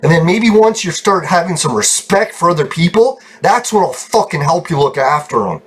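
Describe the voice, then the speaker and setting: A man's voice: a little high, animated, moderate pace, slightly rough. A man streaming a game from his room at home, ranting angrily and swearing constantly as he rambles on. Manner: angry, heavy swearing, rambling. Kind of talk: ranting casual stream talk.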